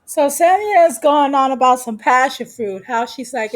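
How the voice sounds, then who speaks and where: A woman's voice: sits high, animated, normal speed. A woman vlogger recapping a show in a casual, sassy, teasing way, full of slang.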